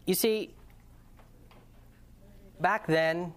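This preacher's voice is high and steady, and he draws out his words. Earnest and fervent, he tells stories and asks his congregation questions in a conversational way, sometimes starting over mid-thought.

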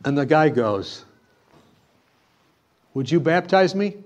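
A male preacher with a somewhat high-pitched voice delivers a sermon. He tells a story with lively animation. He then shifts into emphatic exhortation. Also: takes it slowly. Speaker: pastor.

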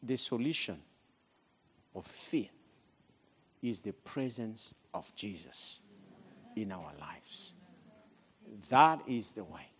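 Slow-speaking man telling a sermon story. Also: fairly low pitch, big pitch swings, slightly rough. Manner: slow, deliberate, with dramatic swings in loudness. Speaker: guest speaker.

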